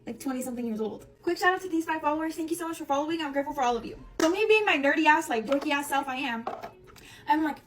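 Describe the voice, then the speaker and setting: A woman's voice: high voice, expressive, very fast. A young woman telling a casual storytime, rambling with lots of fillers and casual swearing. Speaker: storytime creator.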